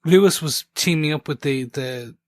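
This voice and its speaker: A man's voice: a little high, moderate pace, darkish tone, dry recording. A man hosting a TV recap podcast in casual chat, talking eagerly and jumping between points with many restarts. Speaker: podcast host.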